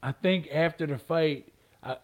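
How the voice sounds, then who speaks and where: A man's voice: a little high, a little slow. A man, an interviewee, telling a long story and acting out phone calls, repeating himself. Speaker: interviewee, former boxing champion.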